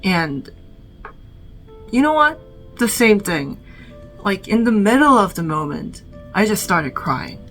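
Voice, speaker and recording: A woman vlogging from her bedroom, talking about films in a reflective, halting way full of "like". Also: medium pitch, animated, fairly bright tone, faint music behind, poor audio. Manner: reflective, halting, heavy use of "like". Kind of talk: casual film recommendations.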